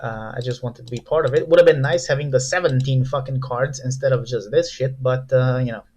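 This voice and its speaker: A man's voice: medium pitch, fairly even intonation, fairly quick, a little mellow. A young man casually rambling through a card unboxing, profane and self-mocking. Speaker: vlogger.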